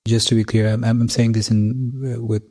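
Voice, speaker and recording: A man hosts a relaxed podcast chat with a middle-range voice. He laughs easily and wraps his questions in careful asides. His tone is loose and conversational. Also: mid-range voice, normal speed, breathy edge. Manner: laughs often, hedges with asides. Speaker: podcast host. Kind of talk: casual interview chat.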